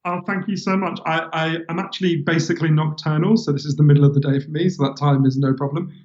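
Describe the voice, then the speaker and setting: A British author as an interview guest, telling stories in a lively, animated way and laughing between lines. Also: male voice, fairly high pitch, fast, muffled recording. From Britain. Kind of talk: casual interview chat.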